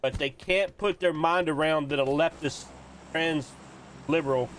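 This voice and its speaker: A man's voice: a little high, measured pace, fairly bright tone, slight background noise. A man streaming a game, chatting casually and ranting with opinionated restarts. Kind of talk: casual gaming stream chat.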